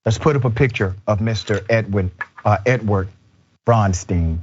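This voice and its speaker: A man's voice: fairly low pitch, moderate pace, muffled recording, slight background noise. A man hosting a political talk show, delivering emphatic commentary. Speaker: host.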